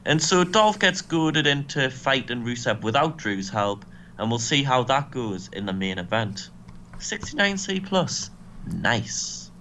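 A man's voice: medium pitch, big pitch swings, measured pace, bright, forceful tone, slight background noise. Young man recapping a wrestling sim. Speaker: co-host and booker. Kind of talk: casual game commentary.

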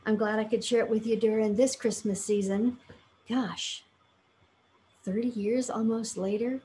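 A woman reading a children's story aloud, with gentle, measured storytelling. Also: on the high side, fairly even intonation, slight background noise, rough recording. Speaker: story reader for a fan club.

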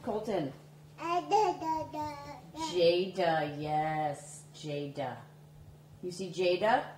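A mother coaxes her little one in a sing-song voice, unhurried and playful, filmed on a handheld camera. The living room sounds roomy and echoey, with steady background noise under the voice. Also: low-pitched. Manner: coaxing, sing-song baby talk. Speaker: mother filming her baby. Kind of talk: home video, talking to a toddler.

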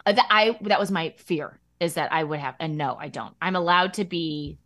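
A woman's voice: low voice, moderate pace. A woman with a Midwestern American accent, a guest actress chatting in a radio studio interview, bubbly and full of restarts. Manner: bubbly, animated, many restarts. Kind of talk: casual interview chat.

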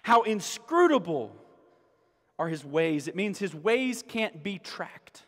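High-voiced man preaching in a hall. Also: lively intonation, slow, a bit bright. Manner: emphatic, rising to exclamations and repeating key phrases. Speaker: pastor. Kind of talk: sermon. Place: church sanctuary.

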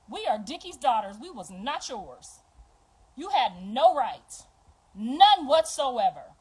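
A high-pitched middle-aged woman hosting a livestream, her talk raw and heavy with profanity. She rants confrontationally at her viewers and at absent family members. Her voice jumps from loud outbursts to low, bitter mutters. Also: rough recording. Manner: profane, confrontational, swings between loud and hushed. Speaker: livestream host. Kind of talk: emotional livestream rant.

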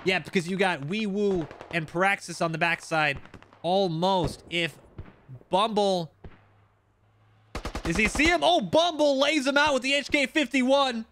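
A man commentating recorded shooter gameplay, excitable and quick to react, with wry asides. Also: high voice, slight background noise. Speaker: gaming channel host.

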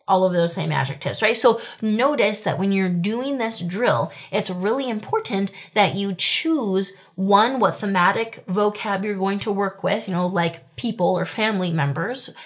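A woman whose voice is medium-pitched and fairly bright teaches German grammar informally. She breaks down every step, asks "right?" again and again, and speaks the German examples slowly.

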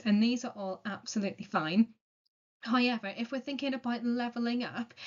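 Methodical teacher woman, dull recording. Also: mid-range voice. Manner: clear, methodical, encouraging. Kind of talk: explanatory lesson to students. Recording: dull lo-fi sound.

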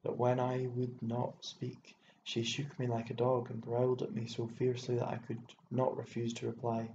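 A man reading a literary short story aloud as an audiobook narrator, with steady, measured telling. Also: mid-range voice, slight background noise. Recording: echoey room, dull lo-fi sound.

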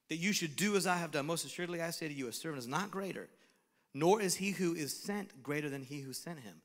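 A man preaching a sermon as pastor, animated, swinging between shouted lines and hushed asides. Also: fairly high pitch, quick pace, long reverb tail. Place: church sanctuary.

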